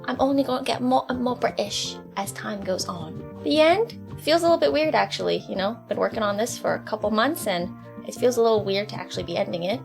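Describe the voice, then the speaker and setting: A woman's voice: medium pitch, lively intonation, fast talker, vocal fry, faint music behind. A woman hosting a comedic vlog, playfully putting on an amateur Essex accent. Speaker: video host.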